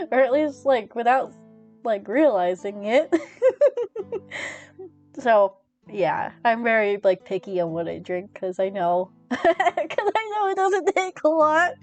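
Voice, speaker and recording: Giggly high-voiced young woman streamer. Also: expressive, slow, pauses often, lo-fi sound, soft background music. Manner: giggly, laughs constantly. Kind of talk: casual chat with viewers.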